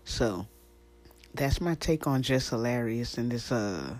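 A woman hosting a casual podcast chat, animated and slangy, laughing often. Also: extremely low pitch, slow pace. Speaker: podcast host and musician.

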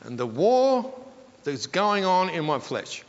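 Man preaching, slow, high-pitched, echoey church hall, dull recording. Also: very animated. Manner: leads the congregation in call-and-response. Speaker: pastor. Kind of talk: sermon.

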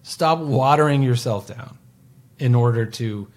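A man in his forties co-hosting a podcast, talking in a rambling, casual way with lots of fillers and soft trailing endings. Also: mid-range voice, a little slow. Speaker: podcast co-host. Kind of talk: casual chat.

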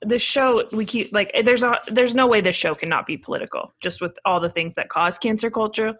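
A woman's voice: mid-range voice, a little fast, fairly bright tone. A woman co-hosting a podcast in casual chat, asking questions and pushing back with reasoned points. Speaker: podcast co-host.

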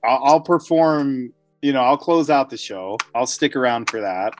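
A man playing a bard in a tabletop game, relaxed as he describes his actions. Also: mid-range voice, normal speed, faint music behind. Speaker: player.

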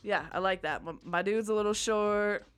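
Profane, animated young woman podcast host. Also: medium pitch, smooth. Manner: profane, animated, fast storytelling. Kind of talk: casual storytelling chat.

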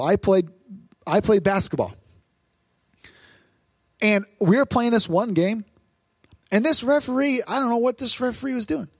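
A man, a pastor, preaching a lively sermon at a church service, asking the crowd questions and acting out voices. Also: high-pitched, no room sound.

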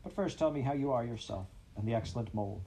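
A man's voice: mid-range voice, lively intonation, fast talker, mellow, a little hiss or hum, natural voice. A man doing a feeble self-pitying toad. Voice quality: weak, languid murmur.

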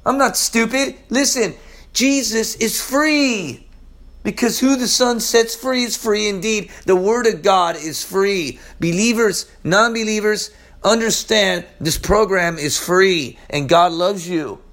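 A man preaching an informal Bible-study sermon, swinging between loud exclamations and low, quiet murmurs. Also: slow.

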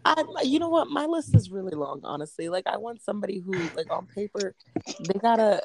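A woman's voice: medium pitch, fairly quick, creaky. A woman chatting casually on a podcast, outspoken and goofy, swearing freely. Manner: outspoken, profane, animated and goofy. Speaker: podcast co-host. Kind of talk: casual chat.

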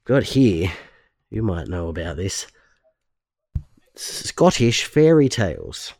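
A man's voice: sits low, sing-song, slow, gravelly, a little mellow, no echo, studio quality. A man, hosting a podcast in casual, joking chat full of fillers. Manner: joking, rambling, many fillers. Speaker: podcast host.

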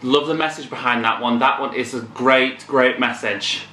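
A man hosting a casual album reaction, excitable and swearing, now and then singing along. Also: medium pitch, normal speed. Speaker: music reaction channel host. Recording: echoey room with loud music behind. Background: music playing.

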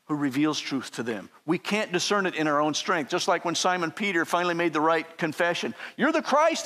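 High-voiced joking male preacher. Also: a bit bright. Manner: jokey, self-deprecating, acts out quoted voices. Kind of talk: sermon with humorous personal stories.

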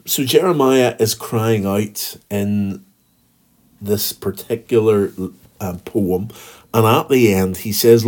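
A man's voice: fairly low pitch, slow, a little mellow. A man with a Northern Irish accent giving a daily devotional as a pastor, earnest and reading scripture aloud. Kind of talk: daily devotional podcast talk.

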